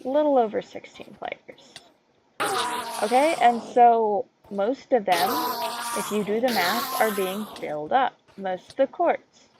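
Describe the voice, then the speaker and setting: A woman's voice: mid-range voice, expressive, a little slow. Rambling teenage girl ranting. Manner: rambling, full of fillers and tangents. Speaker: vlogger. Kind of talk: casual rant. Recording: loud background noise and clicks.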